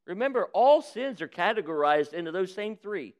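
Preacher guy, pretty high clear voice, folksy, does little voices for the people he quotes. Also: very animated, normal speed. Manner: preaching with acted-out quotes of sinners and God; folksy direct address to the congregation. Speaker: pastor. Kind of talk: sermon.

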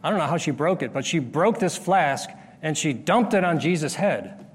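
Man, sermon, explaining scripture, somewhat high voice, long hall echo. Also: animated, moderate pace, husky. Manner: explanatory, rises sharply when acting out the disciples' scolding. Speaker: pastor.

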